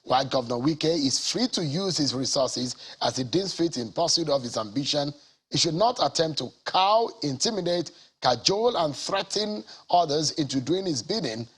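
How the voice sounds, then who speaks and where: A Nigerian man presenting a political news show, reading a statement aloud in a measured, deliberate way. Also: fairly high pitch, expressive, fairly bright tone, husky.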